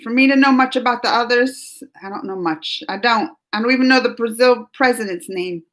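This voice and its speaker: A woman's voice: on the high side, a little fast. A woman hosting a casual live chat, rambling and getting worked up as she reads comments. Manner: rambling, gets worked up then trails off quietly. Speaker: livestream host reading chat.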